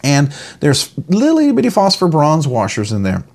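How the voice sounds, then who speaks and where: A man's voice: on the high side, wildly swooping pitch, normal speed, vocal fry, darkish tone. A man giving a casual, rambling product review of a knife, enthusiastic and full of restarts and fillers.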